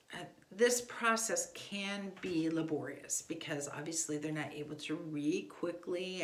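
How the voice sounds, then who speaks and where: A woman's voice: on the low side, a bit bright, reverberant. A woman giving casual homeschool reading advice to parents, talking loosely with many fillers and restarts. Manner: conversational, frequent fillers and restarts. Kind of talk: casual instructional talk.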